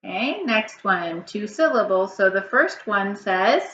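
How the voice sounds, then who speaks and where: A woman teacher leading a phonics reading lesson for young children, prompting slowly and patiently, sound by sound. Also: medium pitch, expressive, a bit bright. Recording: dull, slightly noisy, roomy sound.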